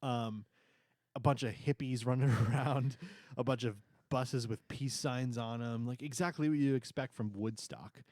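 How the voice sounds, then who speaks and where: A man's voice: mid-range voice, fairly even intonation, moderate pace, a little mellow, no room sound, clean studio sound. A young adult man co-hosting a casual review chat, enthusiastic and rambling, sometimes stumbling over his words. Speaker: co-host reviewing theme park events.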